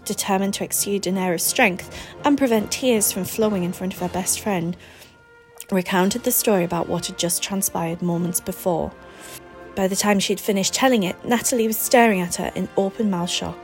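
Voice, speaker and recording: A woman's voice: medium pitch, moderate pace, faint music behind. A woman narrating a storybook chapter, reading with expression and giving each character's lines their own tone. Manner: expressive, acts out dialogue in different tones. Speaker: audiobook reader.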